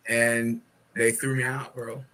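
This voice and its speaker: A man's voice: mid-range voice, level tone, slow pace, sharp tone, poor audio. Rambling man telling a bar story. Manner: rambling, profane anecdote. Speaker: guest in a clip being reacted to. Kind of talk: casual storytelling.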